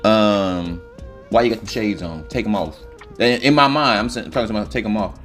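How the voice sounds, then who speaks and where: A man's voice: on the low side, moderate pace, fairly bright tone, soft background music. A man telling a comedic story in a loose, rambling, profane way.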